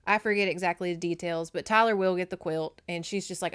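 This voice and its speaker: A woman podcast host recapping a novel in a chatty, profane, animated way. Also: on the low side, a little fast, few pauses, clean tone. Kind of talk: casual book recap.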